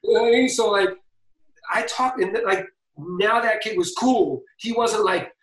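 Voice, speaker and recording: A man from Boston, a DJ and guest, telling stories in a fast, slangy way full of fillers. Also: high-pitched, fairly bright tone, echoey room, distant mic, low-quality recording. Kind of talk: casual storytelling interview.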